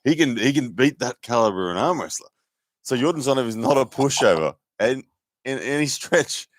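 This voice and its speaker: A man's voice: mid-range voice, animated, normal speed, dry recording, studio quality. A man hosting a live sports commentary stream in a chatty, filler-heavy way. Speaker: host and commentator.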